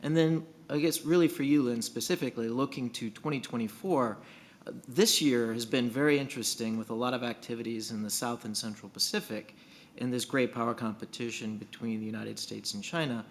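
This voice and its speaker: A man's voice: medium pitch, brisk. A man putting a rambling question to a panelist with many hesitations. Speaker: audience questioner.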